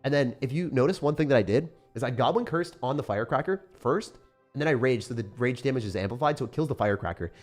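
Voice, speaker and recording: A young man giving rambling, casual commentary on his gameplay, excitable and sometimes swearing. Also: medium pitch, fast, soft background music. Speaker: gaming YouTuber.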